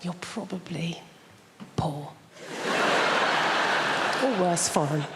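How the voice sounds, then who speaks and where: A woman's voice: fairly low pitch, slow. Brash, chatty female stand-up, in a long hall echo. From England. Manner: brash, chatty, teasing the audience. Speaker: stand-up comedian. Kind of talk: stand-up comedy. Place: large theatre stage. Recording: reverberant theatre with loud noise.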